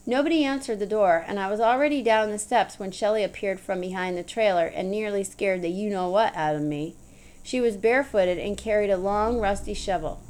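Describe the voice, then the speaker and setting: A woman's voice: medium pitch, brisk, a little mellow, clear, resonant tone. A woman reading a story aloud in an easygoing, storytelling manner, as audiobook narrator. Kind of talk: scripted narration.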